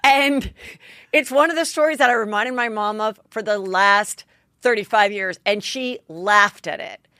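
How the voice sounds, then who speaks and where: A woman's voice: medium pitch, measured pace, pushed and bright, no echo, clean studio sound. A woman in her forties hosting a solo gossip podcast, chatty and candid, swearing freely and acting out quotes. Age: 40s. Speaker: podcast host.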